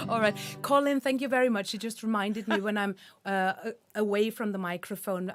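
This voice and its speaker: A woman's voice: mid-range voice, fairly even intonation, dry recording. A woman co-hosting a live music chat stream, telling jokes casually and laughing easily. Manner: laughs easily, rushes through joke lines. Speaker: co-host, singer-songwriter.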